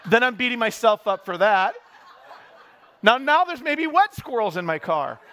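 Brief: male preacher, higher-pitched voice, candid and self-deprecating in his sermon. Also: animated, moderate pace, pushed and bright.

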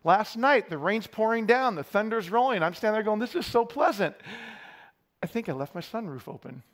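A man's voice: sits high, lively intonation, brisk, fairly bright tone. A man preaching a sermon, telling candid, self-deprecating stories to his congregation.

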